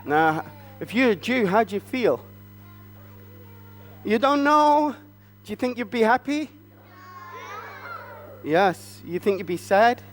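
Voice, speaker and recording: Man, children's storyteller, playful, quizzes the kids, high voice, slow. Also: animated, soft background music. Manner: playful, asks the children questions. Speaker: children's storyteller at a church service. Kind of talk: interactive Bible story for children.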